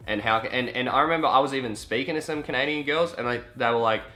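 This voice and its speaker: A man's voice: medium pitch, quick pace, bright, forceful tone. A young Australian man with an Australian accent telling casual stories in a vlog, chatty and swearing now and then. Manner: chatty, swears casually, acts out quoted voices. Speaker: vlogger.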